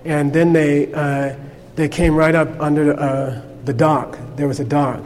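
A man's voice: a little high, little pitch movement, measured pace, a little mellow, long reverb tail, a little hiss or hum. A man teaching a Buddhist class in a conversational way, checking in with his listeners with frequent "okay?". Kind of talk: informal class lecture.

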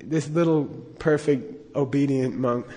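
A man's voice: medium pitch, steady tone, unhurried, warm tone, big-room sound. A middle-aged man telling a personal anecdote in a rambling way, with lots of fillers and chuckles. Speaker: storyteller.

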